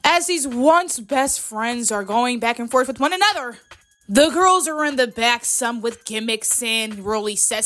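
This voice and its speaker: Bright, lively woman recapping reality TV. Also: on the high side, unhurried, dry recording. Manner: animated, profane, opinionated. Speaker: reality TV commentator. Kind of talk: casual recap commentary.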